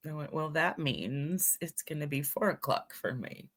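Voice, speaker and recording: An English woman co-hosting a casual podcast chat, playful and quick to laugh. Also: low-pitched, lively intonation. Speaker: podcast co-host.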